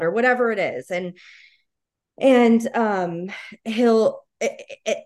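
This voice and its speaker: Lower-voiced woman, casual and encouraging. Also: normal speed. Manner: casual and encouraging, many "like" and "you know". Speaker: podcast guest. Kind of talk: casual podcast interview.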